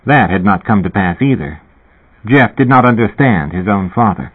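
A man reading a first-person novel aloud in a measured, dry storytelling manner. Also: fairly low pitch, expressive, slightly rough. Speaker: audiobook reader. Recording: tinny phone-like audio.

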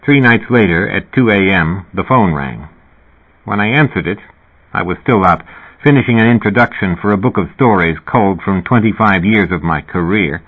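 A man narrating a first-person novel in a measured, even way. His voice is on the low side and a little husky. The audio is narrow and tinny, like it is coming through a phone line.

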